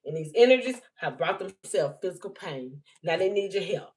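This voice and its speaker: A woman's voice: lowish voice, expressive, moderate pace, hardly any pauses, darkish tone, poor audio. Woman, livestream spiritual reader; emphatic, blunt, repeats herself, swears freely; phone mic. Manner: emphatic, repetitive, blunt and profane.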